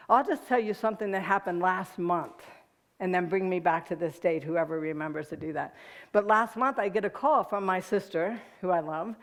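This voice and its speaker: A woman giving a personal storytelling talk to an audience, laughing often and talking to listeners in a conversational way. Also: on the low side. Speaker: guest speaker.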